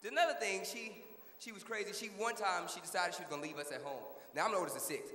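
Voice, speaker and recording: A male stand-up comedian telling a family story live, animated and repeating his punchlines. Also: high voice, fast talker, long reverb tail, a little hiss or hum.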